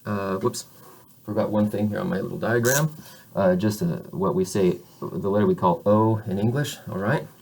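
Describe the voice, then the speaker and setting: A man's voice: fairly low pitch, creaky, a little mellow, slight background noise. Man demonstrating sounds in a lesson. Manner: loose and self-correcting, modeling French sounds slowly. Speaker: French teacher. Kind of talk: casual classroom explanation.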